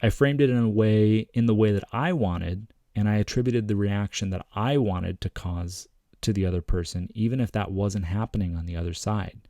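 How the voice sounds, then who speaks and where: A man hosting a self-help channel, reading passages from a book in a measured, earnest way and adding his own commentary. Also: lowish voice, dark tone, no room sound.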